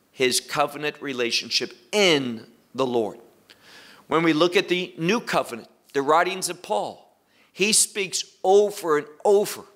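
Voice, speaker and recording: A man teaching the Bible verse by verse, deliberate and repeating key phrases for emphasis, pausing to put questions to his listeners. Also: fairly high pitch, sharp tone. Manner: asks listeners direct questions.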